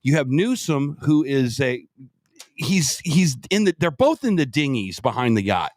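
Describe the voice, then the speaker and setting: Animated man in casual political banter. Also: medium pitch, measured pace, no echo, clean studio sound. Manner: animated, does mocking impressions. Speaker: co-host.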